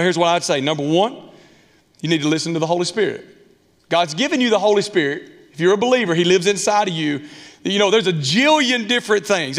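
A man's voice: high voice, fairly bright tone. A man in his thirties with a Southern Alabama accent, preaching a folksy, candid sermon with lots of asides. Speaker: pastor. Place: church sanctuary. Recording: long church reverb with music.

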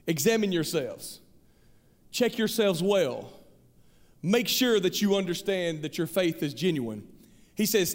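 Male pastor, high-pitched, earnest conversational sermon, long hall reverb. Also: animated, unhurried, pauses often. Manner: earnest, conversational, repeats himself. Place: large church hall.

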